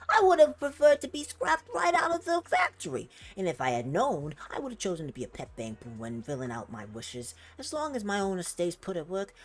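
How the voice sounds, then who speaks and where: A woman's voice: on the high side, pitched above the performer's own voice. A woman voicing a whiny overworked robot helper. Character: small overworked robot helper, grumbling and lazy.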